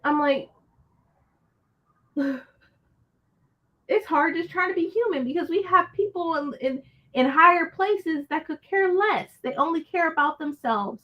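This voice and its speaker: A woman's voice: very high-pitched, lively intonation, measured pace, long pauses, muffled recording. A woman hosting a casual livestream, answering her chat and venting in a frustrated, cursing rant. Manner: frustrated, ranting, swears freely. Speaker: book channel host reading live chat.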